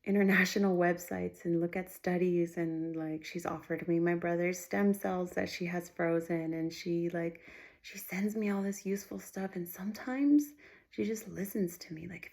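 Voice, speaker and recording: A woman's voice: on the low side, gravelly, a little mellow. A woman vlogging about her faith and her family, speaking earnestly, rambling and restarting her sentences, and sometimes dropping to a near-whisper. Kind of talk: heartfelt faith-based personal vlog.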